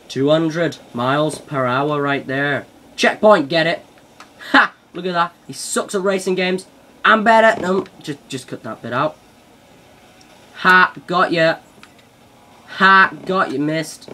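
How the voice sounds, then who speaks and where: A young man giving excitable let's-play commentary, yelping and shouting at the game as he plays. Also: on the high side, slow pace. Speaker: gaming channel host.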